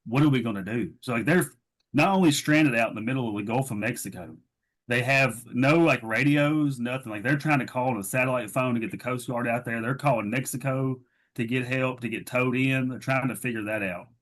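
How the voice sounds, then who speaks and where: A man's voice: mid-range voice, a little fast, a bit bright. A man co-hosting a podcast, retelling a story in casual, rambling chat full of fillers. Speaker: podcast co-host.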